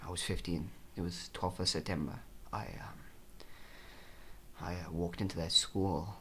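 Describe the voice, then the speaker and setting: A man's voice: medium pitch, moderate pace, a bit bright, a little hiss or hum, lightly acted. A man playing a bitter young male shop worker who hates his life, confessing to a mock therapist in a mumbling, darkly joking way. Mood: gloomy.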